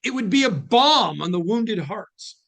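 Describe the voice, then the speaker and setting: A man's voice: sits high, animated, gravelly, a bit bright. A man hosting a casual sports talk show, answering viewer questions in an emphatic, joking manner. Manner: emphatic, preachy, quick to joke. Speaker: host.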